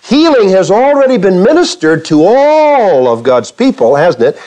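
A man's voice: high voice, sing-song, normal speed, darkish tone. A man preaching a sermon to a church congregation, firing rhetorical questions at the listeners and acting out quoted speech with a touch of humor. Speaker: pastor.

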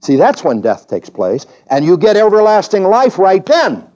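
A male pastor teaches an evening sermon in church, his voice mellow and dark yet swinging widely in pitch as he presses each point. He keeps asking his congregation questions. The recording sounds dull and slightly lo-fi. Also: huge pitch swings, moderate pace. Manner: emphatic preaching, climbing high when stressing points. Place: church during a service.

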